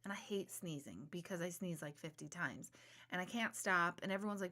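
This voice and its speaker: Bright-voiced woman in her forties, rambling. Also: medium pitch, a little fast. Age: 40s. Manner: rambling and self-mocking, searches for words. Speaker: intuitive medium hosting a live show. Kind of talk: casual live-stream chat answering viewers.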